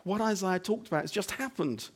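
A man preaching a sermon as the pastor of his church, talking conversationally with rhetorical questions and "okay?" asides, dropping to hushed lines and rising to loud emphatic ones. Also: fairly quick, breathy edge. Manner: swings between hushed low moments and loud emphatic stretches. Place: church building.

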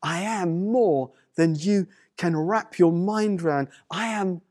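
A man voicing God as a calm, majestic speaker within a sermon retelling. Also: high voice, slow pace. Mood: solemn.

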